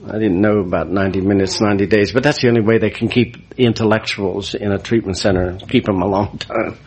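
A man's voice: on the low side, a little fast. A man, a priest, giving an emotional personal testimony about his recovery. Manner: emotional, animated storyteller.

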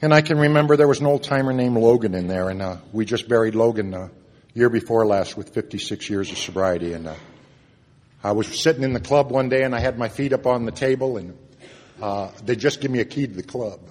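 Husky man telling his story in a hall. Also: medium pitch, a little fast. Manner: storytelling, earnest, swings from loud to hushed. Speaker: speaker at a recovery meeting. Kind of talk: personal testimony talk. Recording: long reverb of a hall.

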